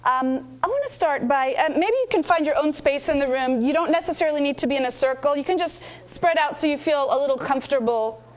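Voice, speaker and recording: A woman acting teacher guiding a workshop in a measured way, with frequent ums. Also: high voice, lo-fi sound. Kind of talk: workshop instruction.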